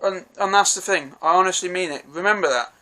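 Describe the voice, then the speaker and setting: A man's voice: high-pitched, brisk, pushed and bright. A man giving a casual, rambling film review, swearing freely and restarting his sentences.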